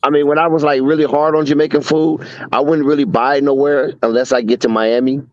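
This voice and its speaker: A man's voice: fairly high pitch, flat delivery, brisk, darkish tone, no echo. Man telling laid-back food stories. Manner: laid-back storytelling, trailing asides. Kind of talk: casual chat. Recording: dull dry lo-fi sound.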